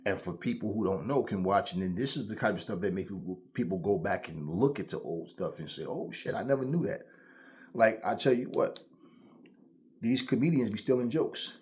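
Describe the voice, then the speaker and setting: A man's voice: fairly low pitch, lively intonation, a little fast, a little mellow. Profane, blunt man ranting. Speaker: channel host. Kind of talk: ranting commentary vlog.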